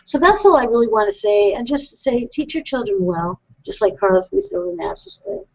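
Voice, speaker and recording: Rambling woman host, slightly high voice. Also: sing-song, brisk, vocal fry, noisy background. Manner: rambling, self-deprecating, laughs often. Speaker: psychic radio host. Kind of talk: casual call-in show chat. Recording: dull lo-fi web broadcast.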